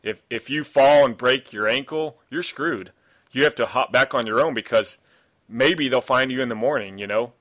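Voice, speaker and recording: A man in casual chat, relaxed, chiming in and asking questions. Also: mid-range voice, normal speed.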